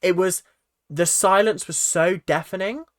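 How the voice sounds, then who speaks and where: A vlogger giving casual, opinionated commentary on a reality show, animated and acting out quoted lines in mock voices, with many fillers and restarts. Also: medium pitch, measured pace, no echo, clean studio sound. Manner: chatty with frequent fillers and restarts.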